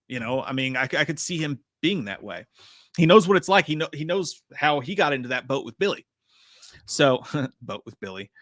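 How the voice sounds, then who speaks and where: A man's voice: mid-range voice, pushed and bright, dry recording, clean studio sound. A man hosting a live trailer breakdown, rambling casually, swearing freely and reading out chat comments. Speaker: live-stream host.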